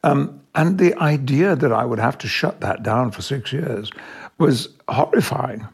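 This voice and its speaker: Gravelly older Englishman telling stories. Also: mid-range voice, lively intonation. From Yorkshire, England. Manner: measured, reflective anecdotes with frequent chuckles. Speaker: actor, interview guest. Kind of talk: interview storytelling.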